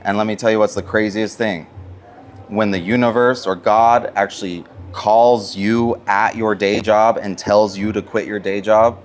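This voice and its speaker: A man's voice: lowish voice, steady tone, unhurried, a little hiss or hum. A man appearing as a musician guest on a talk show, telling his story in an earnest, heartfelt, emotional way. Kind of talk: casual interview conversation.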